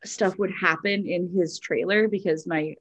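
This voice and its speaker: A woman's voice: lowish voice, steady tone, normal speed, dry recording, muffled recording. A woman co-hosting a podcast in a casual chat, reading out a listener's story with lots of giggles, "like" and "um". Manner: giggly, filler-heavy, lots of "like" and "um". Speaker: podcast co-host.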